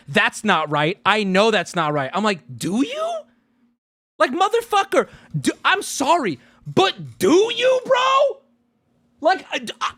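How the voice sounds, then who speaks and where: A man's voice: extremely high pitch, no echo. Guy streamer in his 30s ranting, swearing a lot, voice jumps all over, dry close sound. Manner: profane, incredulous, swings to sudden yelling. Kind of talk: ranting live stream commentary.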